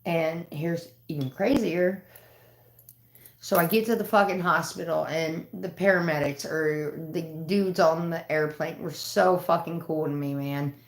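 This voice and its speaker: A woman's voice: deep voice, steady tone, a little slow. A woman hosting a livestream, telling a story in a casual, profane, rambling way. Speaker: livestream host. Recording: roomy echo.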